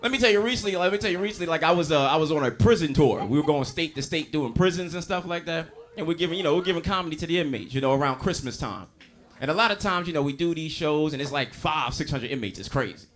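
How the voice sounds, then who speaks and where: A man doing a stand-up comedy set, telling loud, animated, profane stories and working the crowd. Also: a little high, fast. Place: comedy stage before a live audience. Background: audience laughter.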